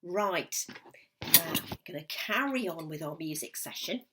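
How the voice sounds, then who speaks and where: A woman's voice: sits low, expressive, heavy background noise. A woman teaching a recorded music lesson to young children, patient and encouraging, sometimes dropping to a whisper. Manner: slow, patient and encouraging, drops to a whisper at times. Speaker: primary school music teacher.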